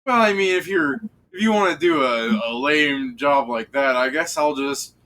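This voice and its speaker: A man's voice: on the high side, normal speed, fairly bright tone, a little hiss or hum, pitched above the performer's own voice, close to an everyday voice. A man voicing a smug, scheming male adventurer who sounds falsely casual and boastful.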